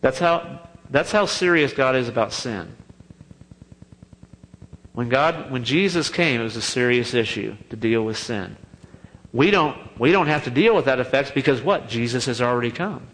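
A man preaching a sermon to his congregation, telling the story in a lively, joking way and acting out the quoted lines in a raised voice. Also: medium pitch, moderate pace, slight background noise, rough recording. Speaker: pastor.

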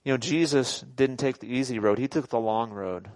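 A man preaching a sermon in an animated, conversational way, acting out scenes dramatically. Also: mid-range voice, normal speed, no room sound. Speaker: pastor.

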